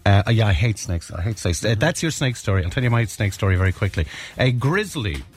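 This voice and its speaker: A man's voice: fairly low pitch, big pitch swings, brisk. A man, hosting a casual radio chat and reading out listener messages. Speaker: radio host.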